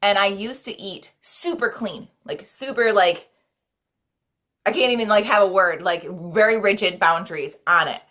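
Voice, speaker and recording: Woman guest on a chatty podcast, earnest and rambly, lots of likes, mid pitch. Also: moderate pace, bright, forceful tone. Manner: rambling, earnest, many "like"s and restarts. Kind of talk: casual conversation about self-care and spirituality.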